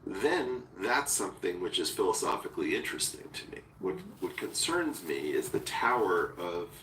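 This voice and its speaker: A man in a philosophical conversation, talking deliberately and searching for words, using technical terms. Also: low-pitched, fairly bright tone. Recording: roomy echo from far off with faint noise.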